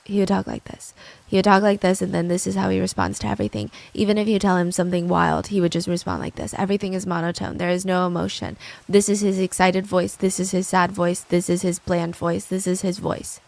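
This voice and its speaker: A woman imitating an emotionless teenage boy who speaks in a flat monotone, in a story told over a game video. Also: fairly quick, vocal fry. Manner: flat monotone, quiet and low.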